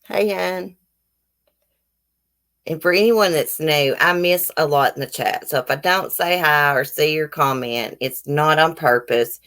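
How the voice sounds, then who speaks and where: A woman's voice: low voice, a little slow, fairly bright tone. A woman from the American South with a Southern accent, hosting a casual live stream, chatting frankly and bluntly with her viewers as she reads their comments. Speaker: YouTube live stream host.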